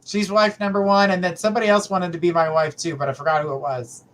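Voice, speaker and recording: A middle-aged man hosts a live psychic reading stream, chatting casually and affectionately with viewers and calling them sweetheart and honey. His voice is fairly high and fairly bright, and he talks fast.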